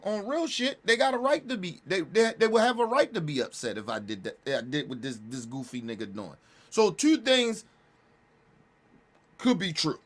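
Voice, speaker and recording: A man talking casually and bluntly, repeating and restarting his phrases, with emphatic jumps in pitch and loudness. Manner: blunt, repetitive, restarts phrases, profane slang. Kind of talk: casual street talk commentary.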